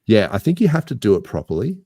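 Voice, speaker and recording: An Australian man with a very low, deep voice chats casually on a podcast. He rambles and jokes at his own expense. The sound is close and dry, with no room around it. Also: big pitch swings, fast, mellow, slightly rough, no room sound. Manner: jokey, rambling, self-mocking. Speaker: podcast co-host. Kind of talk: casual banter.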